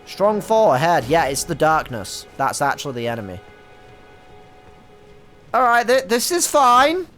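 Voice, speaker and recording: A young British man giving casual, excitable commentary while playing a game, swearing often and stumbling over his words. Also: a little high, measured pace, long pauses, soft background music. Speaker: gaming streamer. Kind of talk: casual let's-play commentary.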